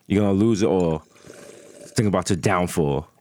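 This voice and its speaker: A man's voice: sits low, normal speed, a little mellow. A young man hosting a podcast, teasing his co-host in casual banter. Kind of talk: casual chat.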